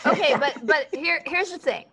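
A woman playing a tabletop game, animated and laughing as she talks. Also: high-pitched, normal speed. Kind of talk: casual tabletop game chat.

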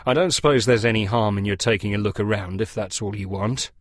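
A man's voice: fairly low pitch, a little fast, no echo, clean studio sound, natural voice. A man voicing a crafty, suspicious farmer who speaks in a grudging, sly way.

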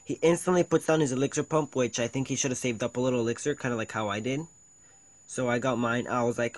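A man's voice: mid-range voice, fairly even intonation, fast, no room sound, low-quality recording. A man hosting his own video, talking casually through a game replay in a chatty play-by-play with frequent ums and quoted thoughts of his own. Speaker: video host. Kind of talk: casual gameplay commentary over a replay.

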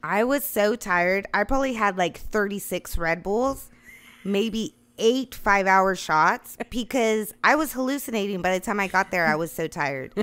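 Woman in her 30s spinning a wild road-trip story, cussing a lot, laughing, middle pitch. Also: normal speed, clear, resonant tone. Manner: profane, animated, laughing. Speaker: storyteller guest. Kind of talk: casual storytelling.

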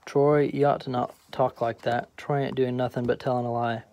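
A man's voice: mid-range voice, little pitch movement, normal speed, slight background noise, close to an everyday voice. A man voicing a patient, grounded middle-aged wife who answers matter-of-factly, in a play audiobook. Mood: chiding. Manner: matter-of-fact, gently scolding.

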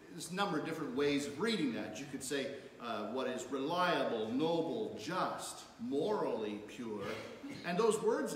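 A man preaching a sermon as pastor, reading scripture aloud with rising emphasis. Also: a little high. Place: church sanctuary. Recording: echoey church hall, faint room noise.

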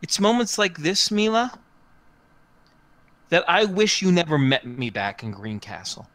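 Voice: mid-range voice, a little slow, fairly bright tone, no room sound, close to an everyday voice. A game master voicing a snooty, skinny young man who scolds primly and sighs with exasperation. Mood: stern.

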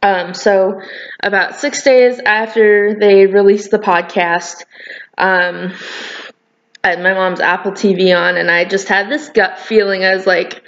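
A woman's voice: mid-range voice, creaky, dull audio. A young woman hosting a knitting video podcast, chatting casually and gushing with lots of fillers. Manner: rambling, gushing, many fillers. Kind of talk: casual chat to camera.

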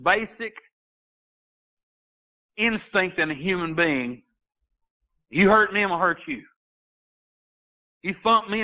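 A man preaching a sermon as a pastor, rising into emphatic bursts and quoting scripture in old-fashioned wording. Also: sits high. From Texas. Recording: tinny phone-line sound.

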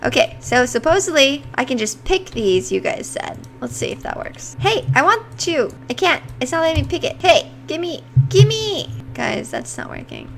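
Excitable, shrieking woman streaming a game. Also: sits high, normal speed, gravelly, hardly any pauses, over music. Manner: excitable, screams at sudden scares, chatters nonstop to viewers. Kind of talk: live gameplay commentary to chat.

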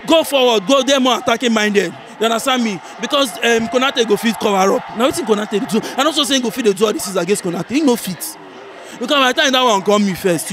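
A Nigerian man with a high voice, giving a heated casual football debate. He talks in an animated, argumentative way and presses his point again and again. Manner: animated and argumentative, keeps asking "you understand me?". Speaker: football fan giving a match reaction. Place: viewing center.

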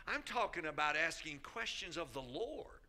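A man's voice: on the high side, big pitch swings, normal speed, pushed and bright. A man preaching a sermon as a bishop, emphatic, repeating key phrases and calling out to the congregation.

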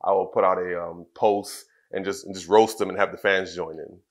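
Low-voiced man recalling a loss candidly. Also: fairly even intonation. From Trinidad. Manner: candid, halting, many fillers and restarts. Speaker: guest, former wrestler. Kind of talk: casual interview storytelling.

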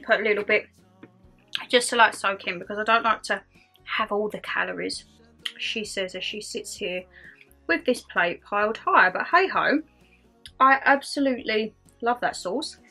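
Bright-voiced chatty woman vlogger. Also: mid-range voice, moderate pace, creaky, husky, soft background music. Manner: chatty, self-mocking, talks with her mouth full. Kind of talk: casual chat to camera while eating.

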